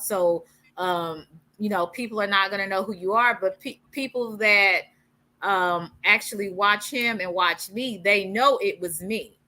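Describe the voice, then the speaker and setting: A woman hosting a casual conversation, her voice bright and edged. She talks haltingly, stopping and restarting her sentences with plenty of fillers, at a middling pitch. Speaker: channel host. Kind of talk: casual chat about online harassment.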